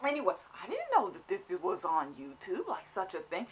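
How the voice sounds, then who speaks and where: A woman's voice: medium pitch, huge pitch swings, a little fast, few pauses, husky. A woman vlogger telling a comic story in an exaggerated, mock-dramatic way. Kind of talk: comedic storytelling vlog.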